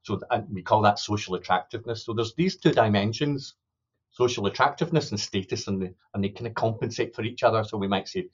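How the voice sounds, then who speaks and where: A middle-aged man with a lowish voice talks through his research as an interview guest, pausing, restarting and adding "you know" as he thinks. The sound is a little dull and lo-fi. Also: husky. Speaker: sociolinguistics academic guest. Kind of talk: podcast interview, explaining research.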